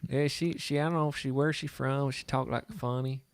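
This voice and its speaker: A man's voice: mid-range voice, steady tone, a little fast, no echo. A man co-hosting a trading show, chatting casually and rambling with jokes and silly asides. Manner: joking, rambling, jumps into silly voices. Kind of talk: casual banter over live trading.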